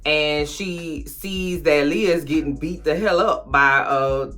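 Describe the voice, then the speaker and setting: A woman host with a low, slightly bright voice speaks slowly as she casually recaps a TV episode. A little tipsy from drinking, she's chatty and slangy and talks straight to her viewers.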